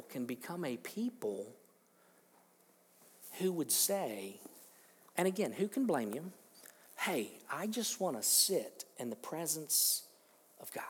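Male pastor, husky, mid pitch, preaches with bursts of loudness in a reverberant sanctuary. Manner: emphatic preaching with sudden swings in loudness and rhetorical questions. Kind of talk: sermon. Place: church sanctuary.

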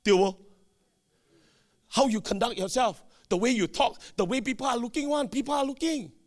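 A male pastor, preaching a sermon emphatically with sudden shouted bursts and call-and-response to the congregation. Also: very high voice, normal speed.

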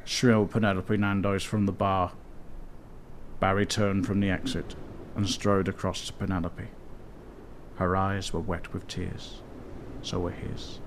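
Low-voiced man narrating deadpan mock epic. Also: measured pace, pauses often, noisy background. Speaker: storyteller. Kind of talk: comic mock-dramatic narration. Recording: music playing behind.

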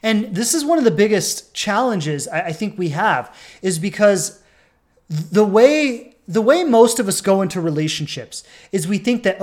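An earnest relationship coach speaks in a reflective podcast monologue and leans on repeated phrases to drive each point home. The voice sits at a middle pitch. Now and then it jumps into a sudden loud burst before settling back to a calm, steady tone. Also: moderate pace.

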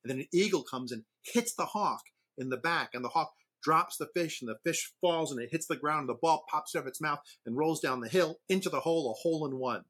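A man co-hosting a podcast, casually chatting and telling long, rambling jokes. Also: a little high. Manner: relaxed storyteller, drawn-out jokes. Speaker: podcast co-host. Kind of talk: casual chat, joke telling.

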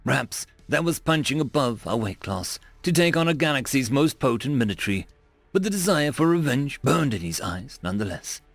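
A man reading a story aloud as the narrator, in an expressive, dramatic manner. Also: mid-range voice, moderate pace, gravelly, no room sound, faint music behind.

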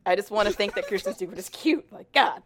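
Young woman co-host, lively storyteller, swaps into character voices, casual chat. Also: mid-range voice, fast, a little hiss or hum. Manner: animated, acts out characters' lines with swearing and laughter. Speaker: podcast co-host.

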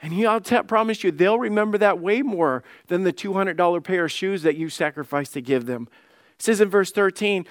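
A middle-aged man delivers a sermon from the pulpit in a slightly high voice. He is earnest and restarts often, repeating words as he goes. The sound is dry and close. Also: a little fast, no echo. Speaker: pastor.

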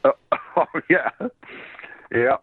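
Slightly hoarse man on a phone line. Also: slow pace, no room sound. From Canada. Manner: rambling, laughs often, acts out quoted voices. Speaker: guest voice actor. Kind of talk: casual interview storytelling.

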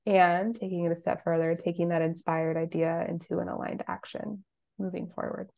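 A woman in middle age talks casually as a podcast guest. She is relaxed and chatty, often slipping in little fillers. Her voice has a noticeable gravelly vocal fry. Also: fairly low pitch, moderate pace. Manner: relaxed, chatty, laughs often, uses "like" a lot. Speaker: podcast guest, spiritual coach. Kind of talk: casual interview chat.

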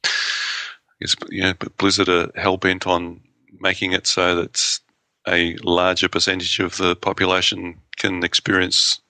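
A man co-hosting a gaming podcast, relaxed and hesitant, with many ums and restarts. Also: deep voice, no room sound. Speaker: podcast co-host. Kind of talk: casual podcast chat.

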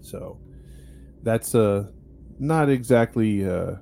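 A man's voice: lowish voice, lively intonation, takes it slowly, vocal fry, dark tone. A man hosting a podcast, telling a story in a rambling, wry way with many fillers. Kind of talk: casual storytelling chat.

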